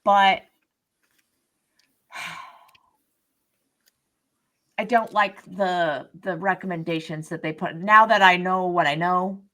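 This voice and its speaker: Rambling woman with a low voice. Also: fairly even intonation, takes it slowly, pauses often, fairly bright tone. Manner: rambling, many fillers and restarts; explains tarot practice from experience. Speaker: podcast co-host. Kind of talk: casual chat.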